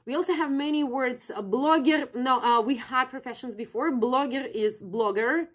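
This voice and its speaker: A woman's voice: high voice, normal speed, a bit bright. Russian-accented woman teaching on a live stream. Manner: chatty, reads and answers live chat. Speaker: online Russian language teacher. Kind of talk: live-stream language lesson.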